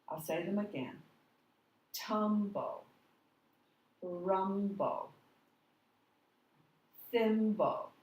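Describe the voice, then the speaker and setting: Woman, teacher, phonics lesson, patient and deliberate, unhurried, faint hum behind. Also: sits low, a little mellow, roomy sound, low-quality recording. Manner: patient, deliberate, models words slowly. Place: classroom.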